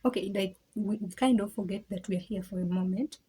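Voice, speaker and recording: Vlogger, woman, very husky mellow voice, thoughtful rambling talk with laughs and hushed asides. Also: medium pitch, fairly quick, poor audio. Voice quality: very breathy, husky. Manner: rambling, laughs often, stammers and repeats words; drops into whispers. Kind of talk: casual reflective monologue.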